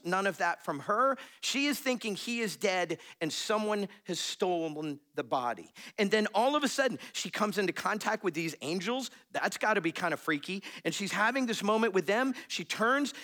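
A male pastor with a fairly high voice that swings widely in pitch. He preaches casually and with animation, and laughs often as he talks through the passage. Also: sharp tone. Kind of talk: sermon.

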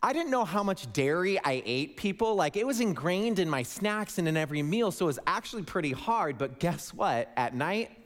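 A man's voice: high voice, sing-song, moderate pace, hardly any pauses. A young man from Wisconsin giving a humorous storytelling sermon, playful and jokey with asides to the audience. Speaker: speaker addressing a congregation. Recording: long reverb of a large hall.

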